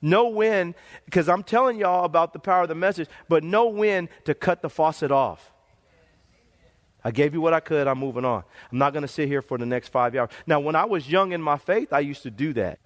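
A man's voice: fairly high pitch, a little fast. A middle-aged male pastor preaching a sermon, telling stories animatedly and calling for amens.

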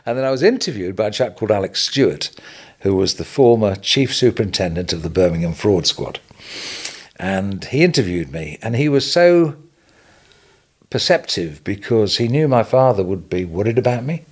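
An older English man, a retail businessman, telling stories as a guest on an interview podcast, animated and chuckling as he goes. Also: on the low side, normal speed, breathy edge. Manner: animated anecdotal storytelling, chuckling. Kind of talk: storytelling interview.

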